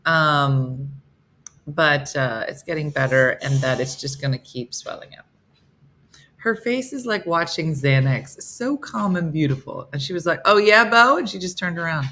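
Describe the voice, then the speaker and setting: A woman in her fifties with a low voice hosts a live morning show, with slight background noise behind her. On the casual live stream she jokes around and reads viewers' comments, answering them by name.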